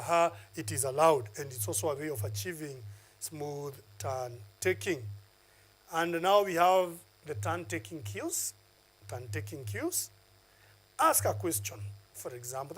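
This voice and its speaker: A man's voice: a little high, rough recording. A man teaching a lesson on a TV channel, lecturing and counting off numbered points with filler uhs. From Kenya.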